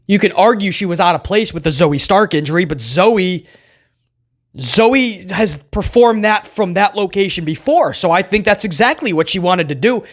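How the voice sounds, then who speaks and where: A man's voice: high voice, animated, normal speed. A man hosting a wrestling recap show, talking loosely and chattily to viewers and often tossing in "man". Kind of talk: casual solo recap commentary.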